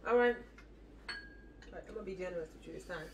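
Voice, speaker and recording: A woman's voice: lowish voice, fast talker, background noise. A young woman with a Caribbean English accent, teasing and giggly in a casual couple vlog at home. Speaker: vlogger. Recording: roomy, mic at a distance.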